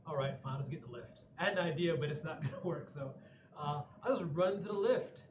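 Jokey guy playing a tabletop game, kinda high voice, echoey room. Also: fairly quick, noisy background. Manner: chatty, joking, hesitant restarts. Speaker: player. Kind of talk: casual tabletop play.

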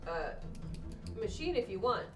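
A woman's voice: mid-range voice, big pitch swings, a little slow, music in the background. Distant echoey woman player. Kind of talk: casual tabletop play. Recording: echoey room, far from mic.

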